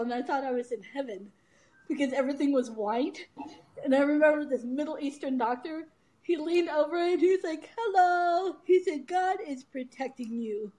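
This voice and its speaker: A woman guest, an author and speaker, tells a candid personal story in an interview, laughing often and acting out what others said. Her voice is high and a little mellow, and the recording is rough.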